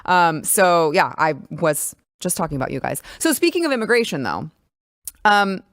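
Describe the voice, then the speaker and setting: A woman's voice: fairly low pitch, big pitch swings, moderate pace, a bit bright, dry recording, clean studio sound. A woman hosting a political talk show, talking casually with emphatic, sarcastic remarks. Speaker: host.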